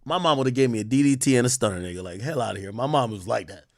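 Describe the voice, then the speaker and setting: A man hosting a livestream, ranting in profane, animated commentary that swings from loud outbursts to low muttering. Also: very fast, no room sound. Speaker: livestream host.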